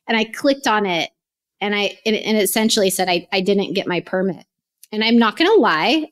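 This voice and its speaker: A woman in her late thirties, a podcast guest telling a personal story in an animated, chatty way and acting out her own past words. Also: mid-range voice. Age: 30s. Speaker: podcast guest, real estate investor. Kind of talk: casual interview chat.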